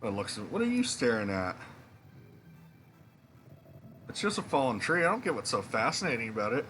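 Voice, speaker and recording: A man's voice: mid-range voice, big pitch swings, fast, fairly bright tone, a little hiss or hum. A man voicing a rude, boastful young male villager who mocks and insults others in a video game. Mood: mocking. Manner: mocking, insulting, swaggering.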